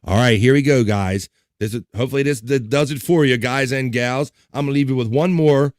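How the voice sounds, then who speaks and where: A man's voice: medium pitch, fairly quick, dry recording, studio quality. A man hosting a casual livestream, joking, laughing often and reading chat comments aloud. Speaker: livestream host.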